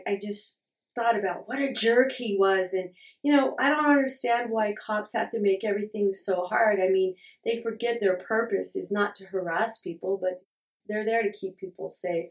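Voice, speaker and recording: A middle-aged woman candidly telling a personal story with frank, self-deprecating humor and frequent laughs. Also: mid-range voice. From Utah. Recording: roomy echo, distant from the mic.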